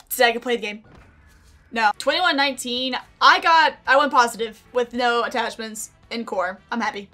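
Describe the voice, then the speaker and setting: A woman streamer giving excitable, chatty commentary over her own gameplay, often gasping and exclaiming. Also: a little high. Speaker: gaming streamer. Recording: game music and gunfire behind.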